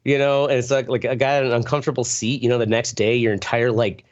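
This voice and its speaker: A man's voice: medium pitch, flat delivery, fast, lo-fi sound. A man co-hosting a podcast in casual chat, rambling and swearing as he tells family stories and acts out voices. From rural Wisconsin farm upbringing. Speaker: podcast co-host.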